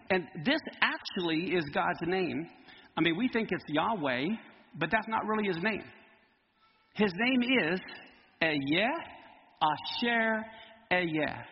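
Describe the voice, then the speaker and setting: A man preaching a Bible teaching sermon, lively and emphatic as he explains Hebrew words. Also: sits high, measured pace, in a large hall, muffled recording, slight background noise.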